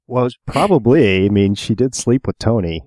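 A man's voice: lowish voice, animated, normal speed, mellow, no echo, studio quality. A man co-hosting a podcast, chatting casually about films and sharing trivia with a laugh. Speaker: podcast co-host.

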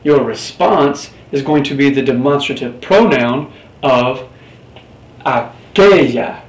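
A man's voice: medium pitch, measured pace, far from the mic. A man teaching a Spanish class in a recorded lecture, explaining step by step and quizzing his students. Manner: patient, explains step by step, asks the class questions. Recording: roomy, off-mic, faint background hiss.

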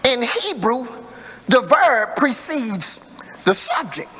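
A man preaching a sermon in call-and-response style, building to emphatic shouts. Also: extremely high pitch, sing-song, slow. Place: church sanctuary. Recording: echoey church hall reverb.

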